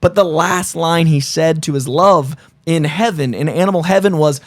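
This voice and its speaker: A man's voice: fairly high pitch, normal speed. A man in a casual film discussion who builds long, earnest arguments. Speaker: guest.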